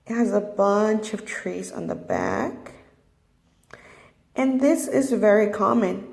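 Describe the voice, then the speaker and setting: A woman teaching a children's vocabulary lesson, repeating each word slowly and clearly. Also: medium pitch, a little mellow, echoey room. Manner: slow and clear, drilling words.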